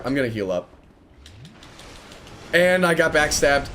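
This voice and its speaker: A man in his twenties telling a rambling story while commenting on his own gameplay, chatty and excitable, breaking off to react loudly. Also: fairly high pitch, a little slow, long pauses, a little hiss or hum. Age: 20s. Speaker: gaming video creator.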